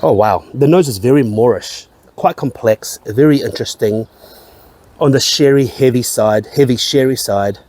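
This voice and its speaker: A man's voice: medium pitch, moderate pace, a little mellow, slight background noise. A man reviewing whisky in a casual chat, rambling, repeating his phrases and swearing now and then. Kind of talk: casual tasting-note chat.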